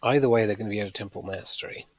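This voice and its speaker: A man's voice: lowish voice, very fast. A man chatting casually as a co-player on a stream, giving short, laid-back advice on card game plays. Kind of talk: casual chat.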